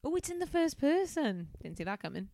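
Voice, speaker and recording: A woman's voice: sits high, sing-song, a little fast, warm tone, no room sound. A woman, a comedian reading a novel aloud, with self-mocking, giggly asides. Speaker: comedian and scientist guest.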